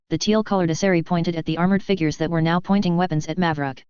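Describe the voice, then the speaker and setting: A narrator reading a science fiction story in an even, steady way. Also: medium pitch, fast talker, few pauses, clean tone, dry recording, highs cut off.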